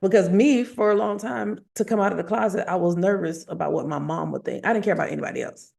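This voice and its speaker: A woman, a psychic medium, talking in an animated, emphatic way, repeating phrases for effect. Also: on the low side, fast, gravelly. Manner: emphatic, repeats phrases, acts out quoted voices. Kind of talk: animated storytelling in conversation.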